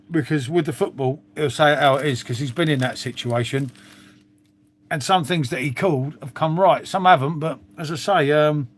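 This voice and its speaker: A middle-aged man with a London accent, hosting a casual live stream and rambling on with plenty of swearing and "mate". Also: on the high side. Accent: London English. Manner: rambling, swears, frequent "mate" and tag questions. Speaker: livestream host. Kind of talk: casual chat to live viewers.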